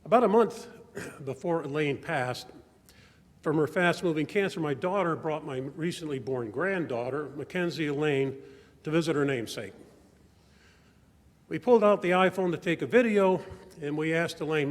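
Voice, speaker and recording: Older male church member, higher-pitched voice, reflective testimony, long church reverb. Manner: measured, reflective storytelling. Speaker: church member giving a stewardship talk. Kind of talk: personal testimony speech. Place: large church sanctuary.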